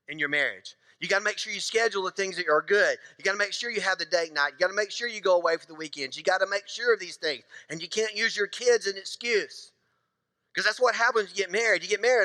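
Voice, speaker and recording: A middle-aged man preaches in a church, playful and conversational, slipping into quick little voices for husbands and wives. His voice sits high and bright. The sound is close and dry, but a long reverb from the sanctuary trails after him. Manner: conversational, joking preacher acting out little scenes. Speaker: pastor. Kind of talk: sermon.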